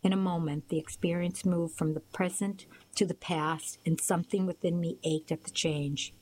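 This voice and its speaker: A woman narrating a first-person novel as an audiobook, in a steady storytelling manner. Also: lowish voice, normal speed, a little hiss or hum, poor audio.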